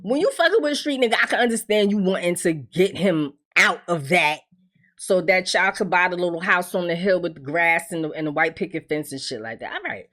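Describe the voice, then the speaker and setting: A woman's voice: fairly low pitch, fairly quick, a bit bright. A woman giving a casual, blunt, profane recap of a TV episode, acting out the characters' lines as she goes.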